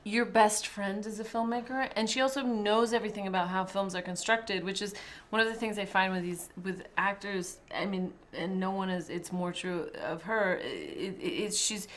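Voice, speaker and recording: A woman's voice: mid-range voice, moderate pace. A woman in her thirties, a film director, chatting animatedly in a press interview with restarts and laughter.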